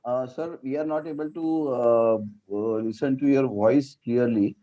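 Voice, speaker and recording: A man's voice: mid-range voice, unhurried, lo-fi sound. A man moderating an online session, speaking politely and deferentially over a video call.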